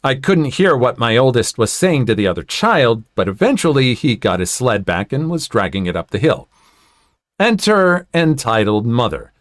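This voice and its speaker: A man reading online stories aloud in an expressive way, adding sympathetic comments of his own. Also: mid-range voice, normal speed, no echo, studio quality. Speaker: story narrator.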